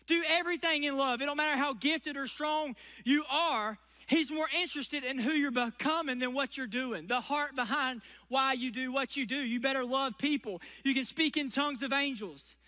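A man's voice: extremely high pitch, moderate pace, few pauses, sharp tone, in a large hall. A man preaching a sermon, folksy and emphatic, stretching key words for effect. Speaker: pastor.

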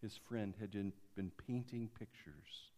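A man's voice: lowish voice, measured pace. Man preaching with a long church echo. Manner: dynamic, swinging from quiet to emphatic. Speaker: pastor. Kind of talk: sermon.

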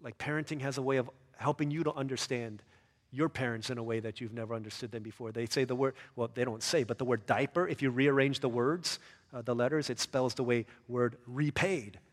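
A man preaching a sermon as a pastor, earnest, rising to loud emphatic peaks and dropping soft and low. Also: steady tone, a little fast, long reverb tail.

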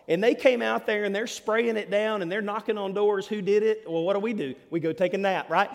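A man, preaching a sermon as pastor, telling stories with big swings between loud and hushed delivery. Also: high-pitched, fairly quick, few pauses. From Alabama. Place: church hall. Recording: long hall reverb.

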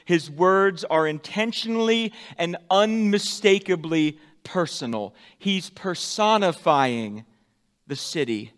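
A pastor preaching a sermon, with dramatic swings from loud emphatic peaks to hushed, soft endings. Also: male voice, sits high, expressive, takes it slowly, long reverb tail.

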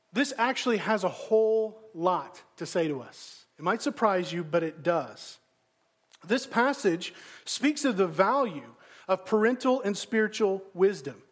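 A man with a notably high-pitched voice preaches a sermon. His delivery is casual and conversational, and he pokes fun at himself. He often checks in with his listeners through direct questions. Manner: conversational, self-deprecating, asks the congregation questions. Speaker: pastor.

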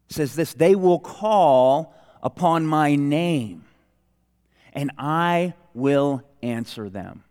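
A man preaching a sermon with earnest emphasis, slowing down whenever he quotes scripture. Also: medium pitch, long reverb tail. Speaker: pastor.

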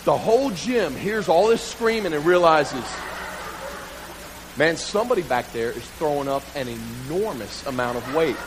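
Guy preaching with funny self-deprecating stories, high voice that jumps all over, rain hissing in the background. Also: moderate pace. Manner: animated, self-mocking, builds to loud bursts. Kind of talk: sermon with comic storytelling.

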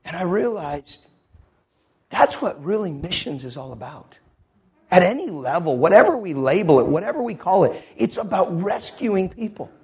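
Husky-voiced, high-pitched man preaching. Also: big pitch swings, normal speed, a little mellow. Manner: impassioned storytelling. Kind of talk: sermon.

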